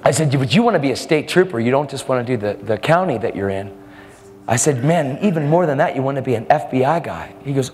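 A man preaching a storytelling sermon, animated, acting out the people in his stories with sudden jumps in pitch. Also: quick pace. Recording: long hall reverb, faint music.

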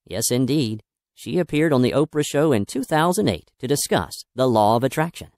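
A man's voice: medium pitch, no echo, clean studio sound. A man narrating a self-help audiobook in an upbeat, emphatic and encouraging manner.

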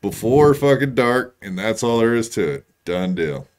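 Co-host, man, mid pitch, rapid profane ranting. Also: expressive, a little mellow. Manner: fast-talking, profane, ranting. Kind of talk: casual chat on a live stream.

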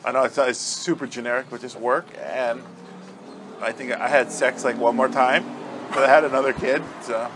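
A man from Hawaii co-hosts a casual podcast at a mid pitch, mostly offering brief reactions and dry one-liners. His voice is plain and unhurried. Faint background noise runs under the recording. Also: steady tone. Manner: short reactions, dry jokes. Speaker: podcast co-host. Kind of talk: casual chat.

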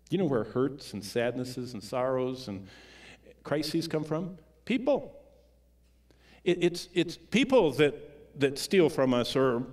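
A preacher swinging from booming to hushed. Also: male voice. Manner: wide swings from loud emphatic peaks to hushed low storytelling; slows and stretches key words for emphasis. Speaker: pastor. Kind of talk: sermon.

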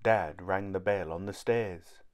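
A man reading a children's storybook aloud, narrating slowly and clearly. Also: sits low, a little mellow.

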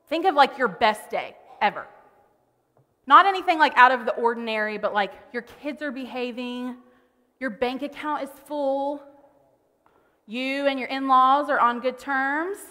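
A woman speaks from a church stage, telling a story from home in a loose, conversational way. Her voice sits a little high and sounds bright. The big room gives it a long reverb tail. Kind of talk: sermon. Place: church auditorium.

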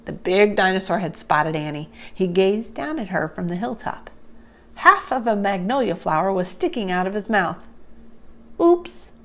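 A woman reading a children's chapter book aloud, slow and expressive. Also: mid-range voice. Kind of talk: storybook read-aloud.

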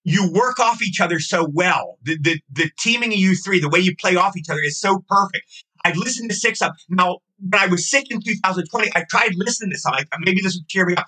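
High, fast, bright-voiced rambling man. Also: husky, rough recording. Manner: rambling, effusive, repeats himself. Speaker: podcast guest, actor. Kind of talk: casual chat.

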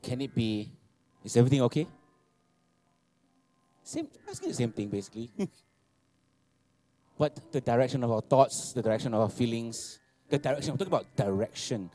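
A man, preaching a sermon, animated and laughing, repeating phrases and asking for amens. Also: mid-range voice, brisk. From Malaysia. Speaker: pastor. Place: church hall.

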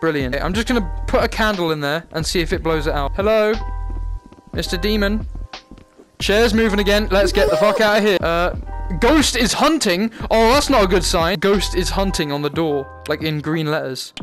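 A man's voice: sits high, moderate pace, music in the background. A young man giving nervous, jumpy commentary while playing a horror game on a headset mic. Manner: jumpy, nervous, laughs and yelps. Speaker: gaming YouTuber. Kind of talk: let's-play commentary.

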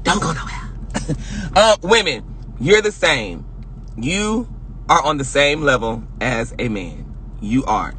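A man hosting a casual livestream rant, loud and projecting, sassy and profane, laughing often. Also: mid-range voice, very animated, takes it slowly, long pauses, slight background noise. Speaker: livestream host.

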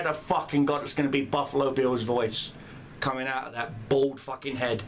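A man's voice: mid-range voice, steady tone, normal speed, soft background music. A man in a furious, profane rant as a gamer, heated and swearing throughout. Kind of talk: angry rant vlog.

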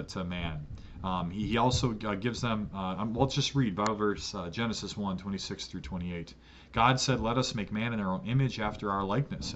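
A man's voice: fairly low pitch, fairly bright tone, lo-fi sound, a little hiss or hum. A man teaching a church catechism lesson as pastor, earnest, often repeating words as he restarts a sentence.

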